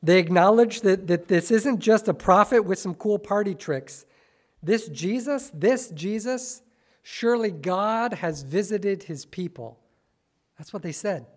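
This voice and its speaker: A male pastor preaching a sermon, dramatic and full of rhetorical questions, swinging between soft and loud. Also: sits high.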